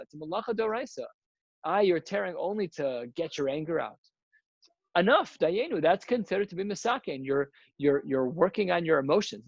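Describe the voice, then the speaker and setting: A man's voice: a little high, vocal fry, breathy edge, no echo, highs cut off. A man teaching a daily Talmud lesson as a rabbi, emphatic and full of rhetorical questions, working through the text aloud.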